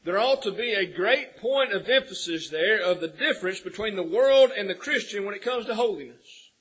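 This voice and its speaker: A man preaching a sermon, asking rhetorical questions and building to loud emphasis with a husky voice. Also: sits high, expressive, moderate pace, rough recording. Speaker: pastor.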